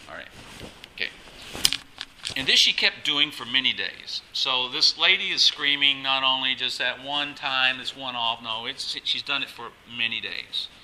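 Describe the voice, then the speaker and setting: A man's voice: mid-range voice, normal speed, bright, forceful tone, a little hiss or hum, poor audio. A male pastor preaching a sermon, emphatic and exhorting, often restarting his phrases.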